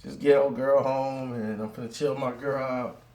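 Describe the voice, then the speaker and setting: A man voicing a calm young man who reassures his friend in a low, hushed, laid-back voice. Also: normal speed, natural voice. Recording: roomy echo.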